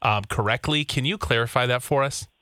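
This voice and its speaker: A man's voice: mid-range voice, a little fast, no room sound, clean studio sound. A man from Minnesota co-hosting a podcast in casual chat, telling stories with mock voices. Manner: animated storytelling with mock voices. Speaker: podcast co-host.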